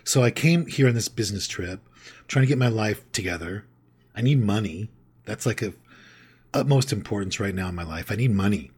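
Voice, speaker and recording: A man voicing a frantic modern man who rambles and swears while venting to his sponsor, with a husky low voice. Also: animated, fairly quick, a little mellow. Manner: whiny, profane, rambling.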